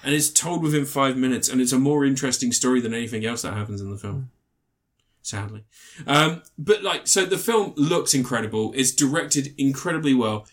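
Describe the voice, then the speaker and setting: A man with a medium-pitched voice speaks a little fast. He co-hosts a podcast and chats about a film casually and ramblingly, swearing without restraint and acting out characters in mocking voices.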